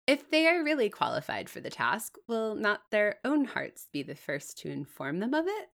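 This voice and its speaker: A woman reading aloud as a troubled young woman who pleads softly and earnestly. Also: medium pitch, huge pitch swings, normal speed, gravelly, voice pushed up, exaggerated voice.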